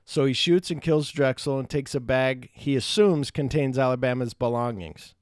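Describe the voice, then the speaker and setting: A man co-hosting a podcast, casually recapping movie scenes with lots of swearing and quick impressions of the characters. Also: medium pitch, no echo, studio quality. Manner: profane, animated retelling of scenes. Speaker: podcast co-host.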